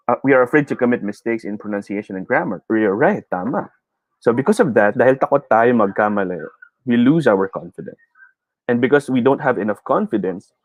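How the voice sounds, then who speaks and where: A man from the Philippines with a Filipino accent teaches a live online speech class, encouraging his students and reading out their comments. He mixes English and Tagalog in a mid-range voice, and the phone-quality sound has no echo.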